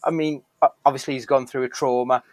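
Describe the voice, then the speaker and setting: A man's voice: medium pitch, fairly even intonation, quick pace, darkish tone, no echo, rough recording. Man, podcast host, blunt and sweary, dry close sound. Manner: blunt, profane, opinionated. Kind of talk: casual chat.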